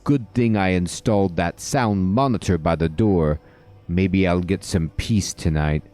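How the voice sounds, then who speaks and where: A man's voice: deep voice, measured pace, mellow. A man voicing a grumpy, pompous old male walrus who grumbles about noise. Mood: grumbling.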